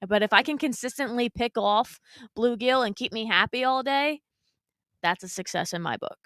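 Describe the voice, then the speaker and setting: A woman with a smooth, clear mid-range voice talks on a casual podcast. She is blunt and upbeat and swears lightly. The sound is dry. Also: fairly high pitch, moderate pace, fairly bright tone, no echo. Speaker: co-host guest. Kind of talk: casual chat.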